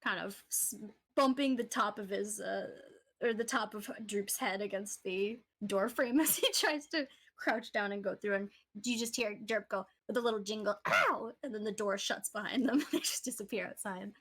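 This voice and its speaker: A woman's voice: mid-range voice, normal speed, fairly bright tone. A woman narrating a tabletop game as game master, casual with frequent fillers.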